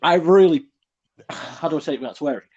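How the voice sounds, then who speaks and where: A man's voice: fairly high pitch, brisk, a little mellow, dull audio. A British man co-hosting a casual online podcast, talking bluntly and rambling with British slang. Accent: British English. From Britain. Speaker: podcast co-host. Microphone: online call.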